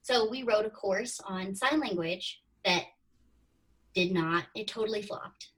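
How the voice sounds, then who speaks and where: A woman's voice: medium pitch, measured pace, fairly bright tone, husky. A woman in her thirties, a podcast guest, chatting through her story and acting out her own past thoughts. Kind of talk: casual interview storytelling. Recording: distant from the mic.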